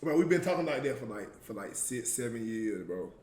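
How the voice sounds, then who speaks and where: A man's voice: medium pitch, lively intonation, fairly quick, a little mellow, roomy sound. A man chatting casually on a livestream, playful and often laughing.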